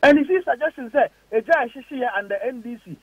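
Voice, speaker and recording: A man's voice: very high voice, fast. A man with a Ghanaian accent, a politician on a radio interview, firing off emphatic, indignant rhetorical questions. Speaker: politician guest. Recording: dull lo-fi radio audio.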